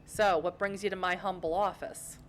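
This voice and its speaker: A woman voicing a smug, gruff male vampire detective with a raspy tough-guy drawl, reading a narrative game aloud on stream. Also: lowish voice, fairly even intonation, normal speed, slight background noise, close to an everyday voice. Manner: tough-guy drawl with a put-on Boston accent.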